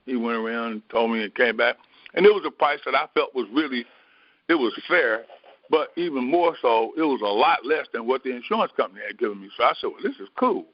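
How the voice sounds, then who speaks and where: A man preaching by telling a personal story in a folksy, animated way, with many fillers. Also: medium pitch, brisk, no room sound. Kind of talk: storytelling sermon. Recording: dull, dry lo-fi recording.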